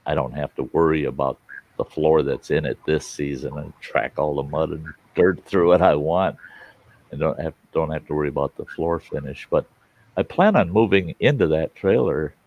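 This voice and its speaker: A bass-voiced man speaks at a moderate pace with no echo, hosting a live stream and chatting casually with viewers. He tells rambling, folksy stories and plays out people's words, though the lo-fi recording is dull.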